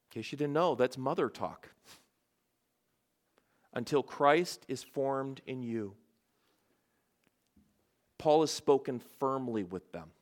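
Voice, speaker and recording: A man's voice: mid-range voice, lively intonation, takes it slowly, long pauses. A middle-aged man, a pastor, preaching a sermon in an earnest way, repeating phrases for emphasis.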